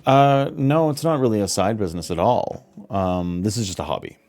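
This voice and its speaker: A man voicing a smug, scornful male crime boss who drawls his words slowly. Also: fairly low pitch, a little mellow, soft background music, voice pushed up, close to an everyday voice. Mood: amused.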